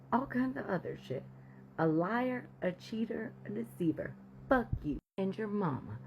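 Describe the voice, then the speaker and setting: Over a rough recording with a little background noise, a woman in a mid-range voice shares a casual, candid story. She's blunt and profane, animated throughout, with abrupt dips into a whisper.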